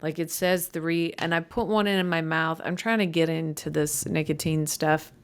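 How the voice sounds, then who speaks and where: A woman's voice: low-pitched, steady tone, moderate pace, smooth. A young woman comedian hosting her own podcast, rambling casually, tripping over her words, easily irritated, with a voice that cracks. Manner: stumbling, self-deprecating, easily irritated.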